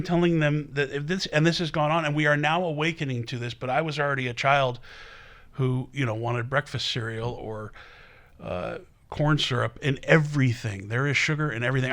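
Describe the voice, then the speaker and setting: Brief: man co-host, bright forceful voice, discursive and opinionated. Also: medium pitch. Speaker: podcast co-host. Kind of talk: casual chat.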